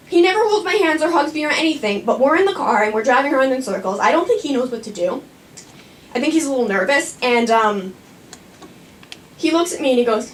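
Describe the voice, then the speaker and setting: Young woman telling a story on stage, high voice, kinda rambly and nervous, mic a bit far off. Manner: nervous, rambling, self-mocking. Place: small performing arts studio. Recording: stage voice from a distance with faint room noise.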